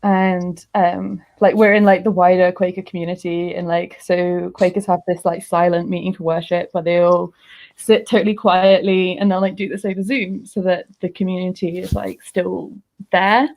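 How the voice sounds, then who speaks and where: A woman on a video call, guest on a podcast, telling an anecdote in animated, giggly casual chat. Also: fairly low pitch, moderate pace.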